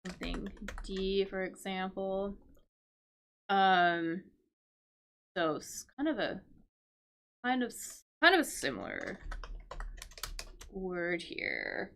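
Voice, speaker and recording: A woman's voice: mid-range voice, sing-song, takes it slowly, gravelly, long pauses, fairly bright tone, a little hiss or hum. A woman teaching English vocabulary through a crossword, explaining patiently with fillers and check-in questions. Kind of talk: casual livestream lesson solving a crossword.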